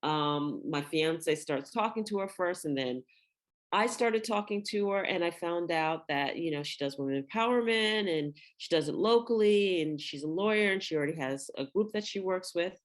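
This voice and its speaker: A woman's voice: lowish voice, normal speed. A woman co-hosting a podcast, telling stories animatedly and acting out quoted lines. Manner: animated storyteller, acts out quotes. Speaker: podcast co-host. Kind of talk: casual storytelling conversation.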